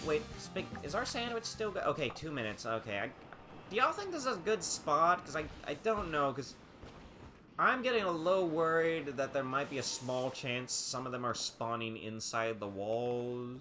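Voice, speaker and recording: A streamer who chats casually while playing a game, rambling through stories and laughing often. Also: medium pitch.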